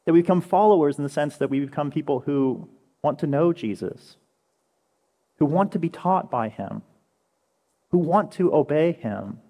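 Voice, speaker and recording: A young male pastor preaches in a relaxed, conversational way and slips into lively storytelling. His voice sits a little high and swings widely in pitch. It rings out with long reverb in a large hall. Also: normal speed, long pauses. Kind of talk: sermon.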